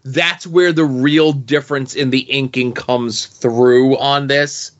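A man co-hosting a comic book podcast, explaining points in a measured, casual way. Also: medium pitch, fairly even intonation, muffled recording. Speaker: podcast co-host.

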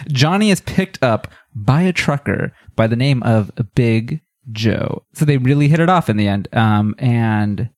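A man's voice: medium pitch, gravelly, a little mellow, no echo, studio quality. A man on a podcast panel, joking and recapping a story playfully. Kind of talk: casual chat.

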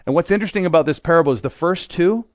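A man's voice: a little high, rapid-fire, dry recording, highs cut off. A man preaching a sermon in a conversational way, acting out the voices he quotes. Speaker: pastor.

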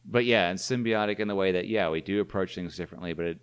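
Deep-voiced hesitant man co-host. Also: fast talker, clean tone. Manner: hesitant, many fillers and restarts. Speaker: podcast co-host. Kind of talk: casual chat.

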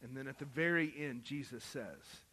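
A man preaching a sermon, moving from quiet Bible reading to loud, impassioned calls. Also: mid-range voice, normal speed. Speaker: pastor.

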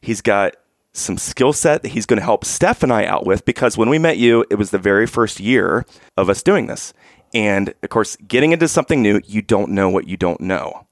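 A man's voice: lowish voice, animated, normal speed, no echo, studio quality. A man co-hosting a podcast, talking earnestly and sincerely about faith and how he met his guest. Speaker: podcast co-host. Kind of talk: casual interview chat.

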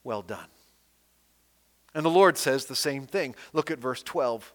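A man preaching a sermon in an animated, emphatic way, reading scripture aloud with rising and falling emphasis. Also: fairly high pitch, normal speed. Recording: long hall reverb.

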